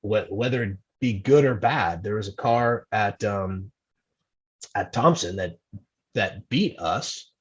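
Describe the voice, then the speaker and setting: A man's voice: on the low side, slow pace, slightly rough. A man from New Jersey telling stories as a podcast guest, rambling and restarting his sentences, often laughing at himself. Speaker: amateur racing team member, podcast guest. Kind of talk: casual storytelling. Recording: dull, lo-fi sound.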